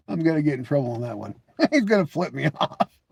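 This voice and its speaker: A man's voice: a little high, vocal fry, a little mellow, breathy edge. A man hosting a casual live stream, answering viewers in chat with mocking, teasing remarks, often laughing and repeating words as he starts a thought.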